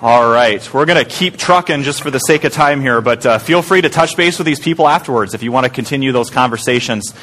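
A man's voice: medium pitch, fairly quick, hardly any pauses, fairly bright tone. A man preaching a conversational sermon to a church group in small pods, often asking the room questions. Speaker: pastor.

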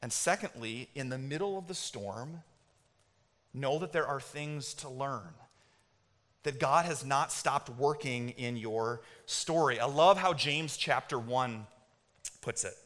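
A man preaching a sermon in a church, telling a personal story in an animated, conversational way and often checking in with the audience. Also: medium pitch, takes it slowly. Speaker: pastor. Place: church sanctuary. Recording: reverberant hall.

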